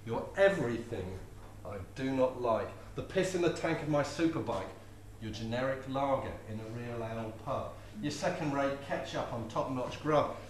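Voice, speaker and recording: A man's voice: mid-range voice, expressive, normal speed, few pauses, distant mic, a little hiss or hum. A man, performing comic poetry live with a rhythmic, playful delivery. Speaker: poet. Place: live venue before an audience. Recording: echoey room with faint ambience.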